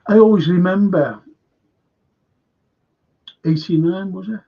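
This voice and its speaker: A man's voice: sits high, takes it slowly. An older man hosts a live fan stream, reading viewers' comments aloud and answering them chattily. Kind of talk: casual live-chat reading. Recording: dull lo-fi stream audio.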